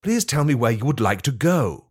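A man's voice: medium pitch, very animated, normal speed, breathy edge, voice pushed up. A man voicing a reluctant male robot butler, stiffly formal and awkwardly suggestive.

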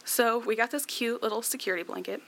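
A woman's voice: fairly high pitch, fast, fairly bright tone. A young woman chatting through a personal story, with many fillers and laughs, tearful at times. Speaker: guest sharing her story.

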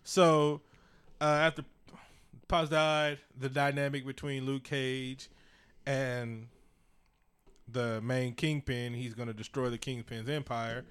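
A man co-hosting a casual podcast chat about a TV show, talking loosely with frequent laughs and sudden animated bursts. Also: medium pitch, slow, long pauses, smooth. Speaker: podcast co-host.

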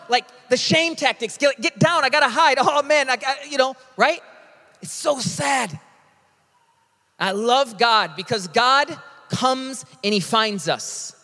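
A man preaching a sermon as a pastor, animated and conversational, with quick asides. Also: very high-pitched, long reverb tail.

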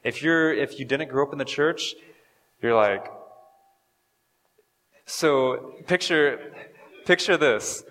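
A pastor gives a casual, conversational sermon, joking and stumbling over fillers and restarts while explaining scripture. He speaks slowly with long pauses in a medium-pitched, slightly bright voice, and long hall reverb fills the recording.

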